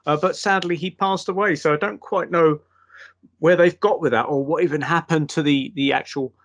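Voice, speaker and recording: A man hosting a casual talk show over a video call, rambling with many pauses and fillers. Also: a little high, steady tone, fairly bright tone. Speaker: podcast host. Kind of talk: casual chat.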